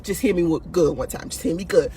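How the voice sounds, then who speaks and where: A woman's voice: on the low side, fast, mellow, a little hiss or hum. A woman hosting a video, giving dating advice in blunt, profane casual talk, laughing often and tossing "listen" and "right?" at her audience.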